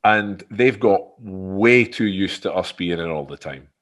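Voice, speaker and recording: A man's voice: sits low, measured pace, roomy sound. A Scottish man hosting a podcast, friendly and upbeat in casual chat. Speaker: podcast host.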